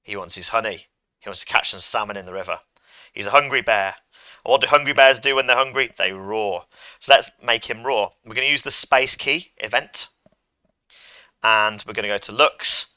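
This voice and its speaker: A man's voice: lowish voice, moderate pace, bright, forceful tone, no echo. A man teaching a coding lesson to pupils, chatty and playful as he talks through each step on a computer microphone. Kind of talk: screen-recorded coding lesson.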